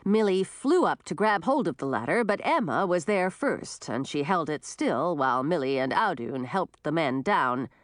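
Expressive woman reading a storybook. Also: low voice, moderate pace, hardly any pauses, no echo, studio quality. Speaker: audiobook narrator. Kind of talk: storybook narration.

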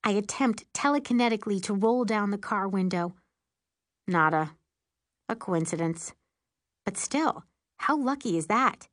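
A woman narrating an audiobook in first person as an excitable, meddling teenage girl with a wry, lively manner. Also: medium pitch, moderate pace, dry recording, clean studio sound.

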